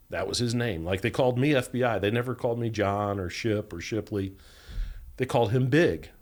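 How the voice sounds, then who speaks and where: Low-voiced man telling a lively story. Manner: animated storyteller, acts out quoted voices, laughs often. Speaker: podcast guest. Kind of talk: storytelling interview.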